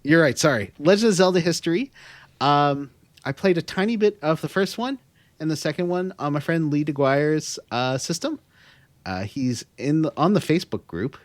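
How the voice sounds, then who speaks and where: A man's voice: fairly high pitch, animated, moderate pace, no echo. A man hosting a casual gaming podcast, rambling and self-deprecating with lots of fillers. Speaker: podcast host.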